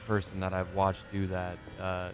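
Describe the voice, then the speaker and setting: A man's voice: low voice, completely flat delivery, moderate pace, soft background music. A young man rambling through a let's play, self-mocking and swearing as he gets lost. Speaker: gaming YouTuber. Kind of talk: casual let's play commentary.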